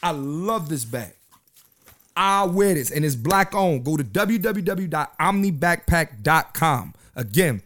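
Male podcast host, high-pitched, casual and slangy, repeats lines for emphasis. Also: animated, measured pace, a bit bright. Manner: loose, slangy, repeats himself. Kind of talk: casual solo podcast chat.

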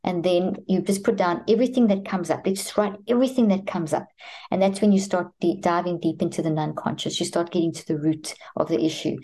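A woman's voice: fairly low pitch, a little fast, dark tone. A woman guest expert on children's mental health, answering interview questions methodically, step by step. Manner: methodical, step-by-step, acts out parent and child dialogue.

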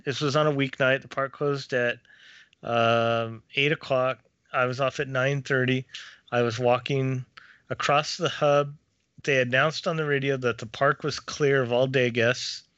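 A man's voice: medium pitch, fairly even intonation, unhurried, fairly bright tone, clear, resonant tone, no echo, highs cut off. A man, a former theme park custodial worker, telling a personal ghost story in a casual interview, with many restarts and fillers.

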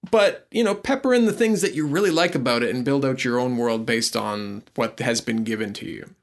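A man's voice: medium pitch, expressive, fairly quick. A man co-hosting a casual chat about tabletop games, easygoing and thinking aloud. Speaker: podcast co-host and game master.

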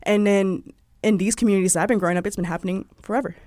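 A woman's voice: medium pitch, racing, no room sound, studio quality. A young woman from Georgia with a Southern accent, telling personal stories in a chatty interview with lots of "like" fillers. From Georgia, USA. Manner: chatty, frequent "like" fillers, animated quoted voices. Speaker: interview guest. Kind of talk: casual personal storytelling.

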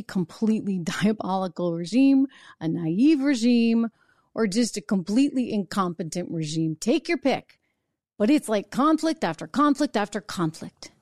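Indignant woman commentary host, mellow voice. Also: mid-range voice, no echo, studio quality. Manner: emotional, indignant, reading viewer comments. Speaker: talk show host. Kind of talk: political commentary show.

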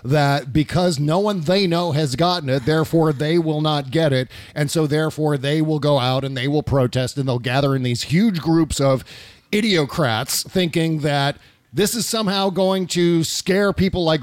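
An impassioned man hosting a political talk show, his voice sitting fairly high. He rants and swears freely in casual talk, recorded close and dry. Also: animated, normal speed, no room sound.

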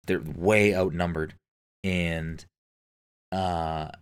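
A man's voice: sits low, clear, resonant tone. A man chatting casually and enthusiastically, swearing often and using lots of fillers. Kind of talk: casual podcast chat.

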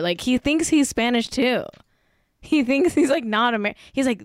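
A woman's voice: fairly high pitch, normal speed, dry recording, studio quality. Giggly, rambling woman co-host. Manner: gushing, full of likes, with frequent laughs. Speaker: podcast co-host. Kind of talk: casual comedic chat.

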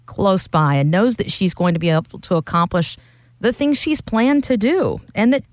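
A woman's voice: mid-range voice, animated, normal speed, dry recording, clean studio sound. A woman co-hosting a radio talk show, chatting in a teasing, encouraging way. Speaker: radio co-host.

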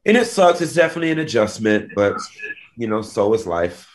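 A man's voice: on the low side, big pitch swings, a little fast. Flamboyant, playful male co-host. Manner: flamboyant, playful, dramatic storytelling. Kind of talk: casual chat.

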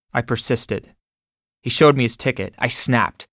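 Audiobook memoir reader, male, measured and steady, dry close recording. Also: medium pitch, dry recording. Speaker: audiobook narrator. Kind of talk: first-person memoir narration.

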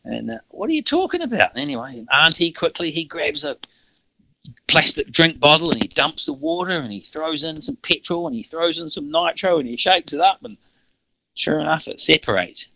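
Bright-voiced New Zealand man. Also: a little high, normal speed, vocal fry, lo-fi sound, slight background noise. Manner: rambling, laughing, frequent restarts. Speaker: podcast guest. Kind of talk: casual storytelling.

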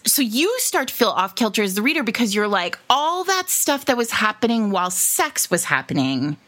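A woman co-hosting a book podcast, her voice bright and forceful, with wide swings of pitch. She talks casually and animatedly, laughing often and acting out lines from the story. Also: big pitch swings, normal speed. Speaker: podcast co-host.

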